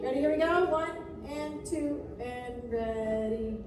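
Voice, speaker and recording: High-voiced woman teaching music, echoey. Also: takes it slowly. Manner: playful and encouraging, breaks into singing. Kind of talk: classroom music lesson with sung solfege. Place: church room with lots of reverb. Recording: echoey room picked up from a distance.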